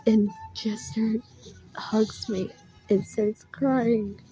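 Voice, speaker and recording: A woman's voice: mid-range voice, level tone, slow pace, dark tone, faint music behind, low-quality recording. A young woman telling a story to camera in a casual, emotional way, near tears and full of fillers, recorded on a phone. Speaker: vlogger.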